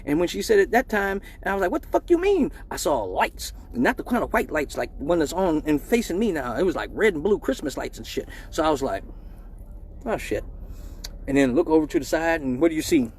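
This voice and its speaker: Animated, profane man telling a story. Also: a little high, slightly rough. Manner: animated, profane, acts out voices in his story. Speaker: live show host. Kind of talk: casual storytelling to a live stream audience.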